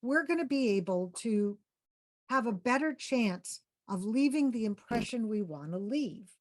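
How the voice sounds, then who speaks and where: Bright-voiced woman coaching interview skills. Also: fairly high pitch, lively intonation, measured pace. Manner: demonstrates voice tones, upbeat and encouraging. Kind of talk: workshop teaching with questions to participants.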